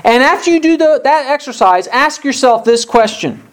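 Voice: sits high, lively intonation, moderate pace. A preacher giving a sermon in an earnest manner, full of rhetorical questions to the listeners. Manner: acts out complaining voices in quotes.

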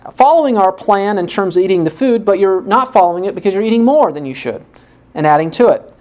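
A man doing a calm diet-plan manager. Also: high voice, clean tone, natural voice. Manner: patient, explaining, listing faults. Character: calm, matter-of-fact male diet program manager.

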